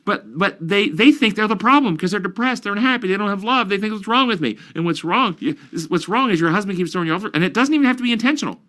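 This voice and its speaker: A man's voice: high-pitched, expressive, fast talker, hardly any pauses, pushed and bright. A man counseling and explaining ideas earnestly in an interview, using examples and questions. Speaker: counselor guest.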